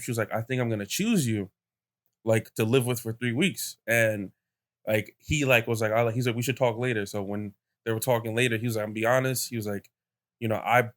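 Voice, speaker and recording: A man's voice: fairly low pitch, a bit bright. A young man hosting a podcast, retelling a story in casual chat, full of fillers and quoted voices. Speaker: podcast host.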